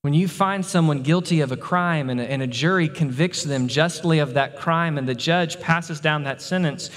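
A man's voice: fairly high pitch, normal speed, fairly bright tone. Male pastor, sermon delivery, emphatic repetition; long hall reverb. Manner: emphatic preaching, repeats words for stress. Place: church sanctuary.

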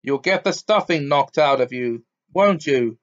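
A man's voice: a little high, unhurried, lo-fi sound, pitched above the performer's own voice, close to an everyday voice. A man doing a blustering, snarling bully of an uncle. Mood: roaring. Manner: snarling, bellowing, threatening. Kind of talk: audiobook character reading.

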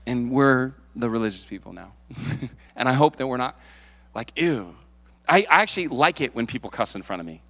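A male pastor preaching a sermon, lively and playful, acting out the people in the story. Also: mid-range voice, brisk. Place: church sanctuary. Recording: long hall reverb.

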